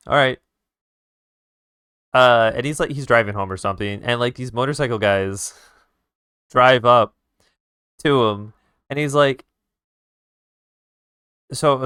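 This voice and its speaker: A man streaming live, retelling a movie plot in a casual, swearing, animated way with sound effects. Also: mid-range voice, clean tone, no room sound, clean studio sound. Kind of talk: casual storytelling while drawing on stream.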